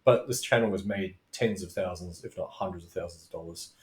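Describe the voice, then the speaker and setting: A man coaching in a loose, rambling way, drifting into tangents and swearing. His voice sits fairly low. The room is echoey around him. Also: brisk, a little mellow. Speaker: business coach. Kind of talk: casual talking-head video lesson. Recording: roomy echo.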